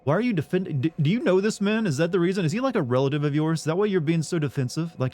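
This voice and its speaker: A man's voice: fairly high pitch, a little fast, dark tone. A man streaming a game who argues with his chat in a casual, sarcastic way, swearing freely and sounding incredulous.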